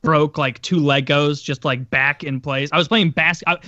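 A man's voice: a little high, fairly even intonation, normal speed, pushed and bright, dry recording, dull audio. A man telling stories in casual chat, rambling with lots of filler words and the odd swear.

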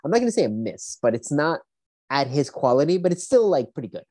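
Male podcast co-host, excitable and foul-mouthed, mellow dark tone, dry close sound. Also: on the high side, fast, dry recording. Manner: profane, excitable, does mock voices. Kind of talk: casual movie chat.

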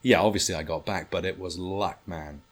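Very deep-voiced man telling a story. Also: moderate pace. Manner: animated, swearing, acts out others' lines. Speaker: storyteller guest. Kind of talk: casual anecdote on a podcast.

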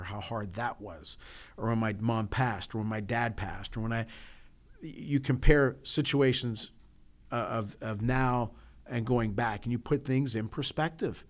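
A middle-aged man chats on a talk show and rambles through a personal story. He keeps restarting his sentences and drifts between asides. His voice sits at an ordinary pitch for a man. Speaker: podcast co-host. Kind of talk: casual chat.

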